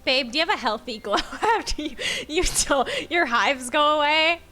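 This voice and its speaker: A woman's voice: sits high, animated, moderate pace, sharp tone, soft background music. A young woman streaming a game, joking and teasing in casual banter. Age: young adult. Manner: giggly, teasing.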